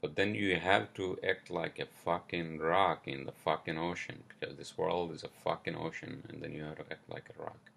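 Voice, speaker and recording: A man's voice: extremely low pitch, fairly even intonation, vocal fry, a bit bright. A man hosting a solo podcast, ranting angrily with lots of swearing, fillers and apologies. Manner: angry, profane, halting with many fillers and apologies. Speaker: podcast host. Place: New York.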